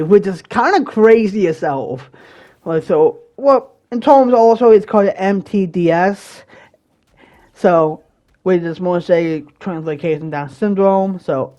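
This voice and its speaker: This young channel host rambles through a personal story, with plenty of fillers, restarts and occasional loud exasperated outbursts. His voice is high-pitched and the recording is muffled.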